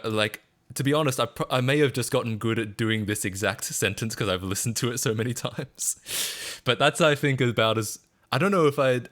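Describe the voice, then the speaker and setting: A man's voice: mid-range voice, a bit bright. A man with an Australian accent chatting casually on a live stream, rambling and self-deprecating with frequent chuckles.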